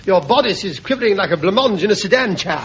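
An actor playing a foppish, cheeky English aristocrat husband who talks in a silly, mocking way with sudden shouts. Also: male voice, sits high, animated, quick pace. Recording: muffled old broadcast, hiss, audience laughter.

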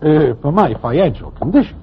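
A folksy, high-voiced Broadway narrator. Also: male voice, animated, a little fast, slight background noise. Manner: folksy, present-tense storytelling. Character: genial male Broadway narrator, wisecracking. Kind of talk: 1940s radio acting. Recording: dull old radio recording.

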